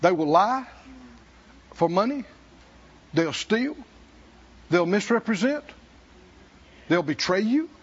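High-pitched, emphatic male preacher. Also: very animated, takes it slowly, long pauses, breathy edge, highs cut off. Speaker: pastor. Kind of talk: sermon.

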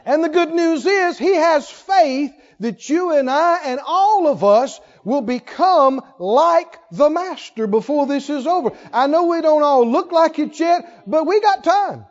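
A man's voice: very high-pitched, animated, measured pace, hardly any pauses, in a large hall. A man preaching a sermon, emphatic and laughing often as he asks the congregation questions. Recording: dull lo-fi recording.

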